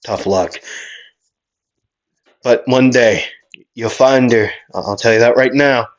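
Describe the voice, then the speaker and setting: A man voicing a brash, cheerful young male knight who greets his friends loudly and teases them. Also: mid-range voice, slow pace, highs cut off, natural voice. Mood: friendly. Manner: loud, friendly, teasing greetings.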